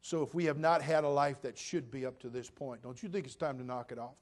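A pastor in his sixties delivers a sermon in an ordinary mid-range male voice. He swings between loud, emphatic bursts and soft, low asides. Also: fairly quick. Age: 60s. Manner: preaching with sudden loud bursts and quiet drops.

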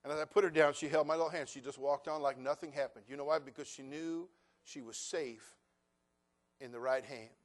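An older male pastor with a notably high voice, telling homey stories with playful jabs at the crowd. He swings from quiet, easy banter to loud, emphatic preaching. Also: steady tone, fairly quick. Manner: folksy, joking asides, building to emphatic preaching. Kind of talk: sermon.

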